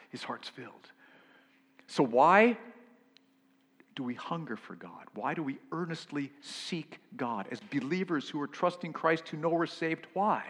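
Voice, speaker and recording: A man preaching a sermon as pastor, earnest, rising to loud emphasis and dropping to hushed whispers. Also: a little high. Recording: long hall reverb.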